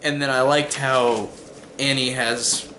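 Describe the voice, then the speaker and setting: A man's voice: medium pitch, flat delivery, takes it slowly, bright, forceful tone, slight background noise. Rambling man reviewing a film. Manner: rambling, heavy use of "like" and "um"; exasperated, swears freely when criticizing. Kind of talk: casual spoken movie review.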